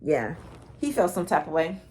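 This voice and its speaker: A woman giving a casual tarot reading, talking in a rambling, slangy way and swearing freely, slowing down when she reads card messages aloud. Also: low voice, big pitch swings, a little mellow. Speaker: tarot reader.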